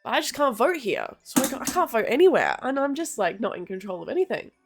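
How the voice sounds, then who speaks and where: A woman's voice: on the high side, sing-song, fast, faint music behind. A young woman chatting casually at home, rambling with lots of "like" and casual swearing. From Australia. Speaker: streamer. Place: home room, then kitchen.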